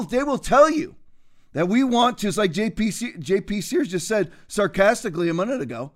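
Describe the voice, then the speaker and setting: A man's voice: sits high, fairly bright tone. A man hosting a heated political commentary, ranting emphatically and sarcastically while quoting Bible verses. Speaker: host.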